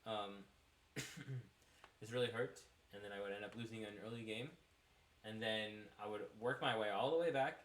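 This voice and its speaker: A young man hosting a podcast, telling a rambling travel story in a casual, animated way and laughing at himself. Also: fairly low pitch, roomy sound. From United States. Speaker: podcast host.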